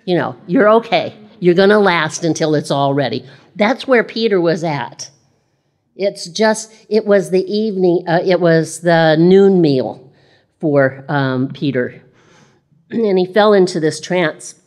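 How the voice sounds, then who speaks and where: A woman's voice: on the low side, a little slow, a little mellow. A woman preaching a sermon in a conversational way, reading scripture aloud and repeating phrases.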